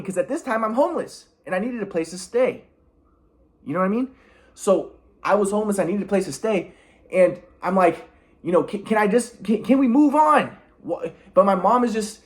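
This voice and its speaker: A high-pitched man, a vlogger, tells a long personal story in a rambling monologue. He halts often, restarts, repeats words, and clears his throat.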